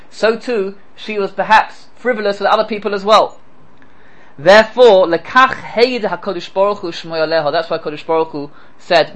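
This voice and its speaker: Speaking at normal speed, this Torah teacher has a voice on the high side with a fairly bright tone. His scripture lecture includes rhetorical questions and Hebrew verses he then translates. The recording sounds rough.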